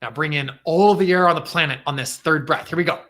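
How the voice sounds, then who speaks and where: A man's voice: fairly high pitch, fast talker, fairly bright tone. A man coaching viewers on a livestream, earnest and emphatic, repeating phrases for effect. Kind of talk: livestream talk and guided breathing.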